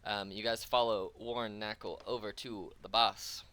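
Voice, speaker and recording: A man's voice: lowish voice, fairly even intonation, moderate pace, sharp tone. A man narrating a tabletop role-playing game as game master, in loose, casual talk full of fillers.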